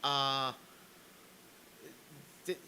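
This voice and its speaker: A man's voice: medium pitch, steady tone, extremely slow, bright, forceful tone, a little hiss or hum, rough recording. A man streaming a sarcastic rant, stammering and repeating words as he comments on clips.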